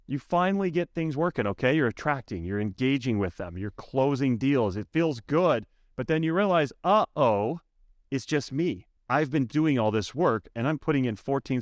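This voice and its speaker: A man who coaches software sales, speaking as a guest on a podcast interview with an emphatic, animated way of telling stories. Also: medium pitch, dry recording, studio quality.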